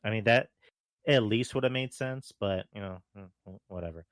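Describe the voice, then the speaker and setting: A man's voice: fairly low pitch, moderate pace, dry recording. Man with a dry, close sound. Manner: offhand, hedging, swears casually. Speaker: podcast guest. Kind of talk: casual wrestling podcast chat.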